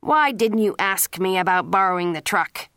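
A woman's voice: mid-range voice, expressive, moderate pace, a bit bright, dry recording, studio quality, close to an everyday voice. A woman reading the lines of a harsh police-chief father who berates his son. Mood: angry.

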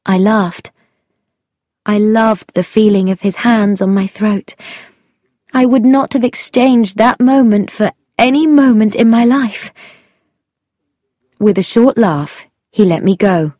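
A woman narrating a first-person story in a measured, deliberate reading voice. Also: mid-range voice, mellow, dry recording, clean studio sound. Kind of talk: scripted narration.

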